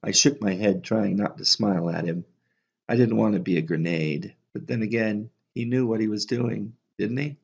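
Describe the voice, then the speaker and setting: A male audiobook narrator with a low, deeply gravelly voice and a husky edge. His reading is calm and measured. The audio is slightly muffled and lo-fi. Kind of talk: scripted narration.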